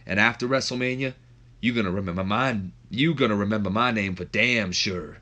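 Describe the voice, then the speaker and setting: A man putting on a raspy voice as a proud male wrestler talking tough in street slang. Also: on the low side, brisk, sharp tone. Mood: defiant.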